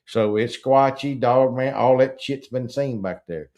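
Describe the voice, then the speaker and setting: A man's voice: mid-range voice, unhurried, darkish tone. A man telling a rambling, profane, folksy story in casual chat, with frequent stammered restarts. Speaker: podcast host.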